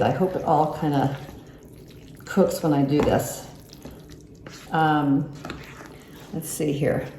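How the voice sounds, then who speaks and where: A woman's voice: mid-range voice, dark tone, slight background noise. Chatty woman cooking in an echoey kitchen. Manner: chatty, talks to viewers while stirring. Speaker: cooking channel host. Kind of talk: casual cooking vlog. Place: home kitchen. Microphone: handheld phone camera. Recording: echoey kitchen, clattering dishes. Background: utensil and dish clatter.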